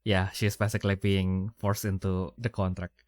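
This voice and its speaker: A man co-hosting a casual gaming podcast, reading card effects out loud in a halting way, with many fillers and self-corrections. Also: deep voice, little pitch movement, no echo, studio quality. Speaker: podcast co-host.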